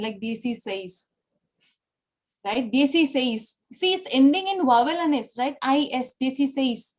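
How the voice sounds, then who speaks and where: With patience, a woman from India teaches Spanish over the internet, following nearly each sentence with "okay?" or "right?" Her voice is high-pitched.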